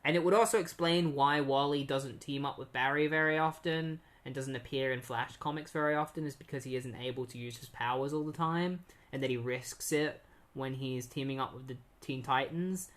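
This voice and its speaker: A man's voice: mid-range voice, moderate pace, fairly bright tone. A man casually recapping comic issues on a podcast, rambling with many fillers and restarts. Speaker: podcast host.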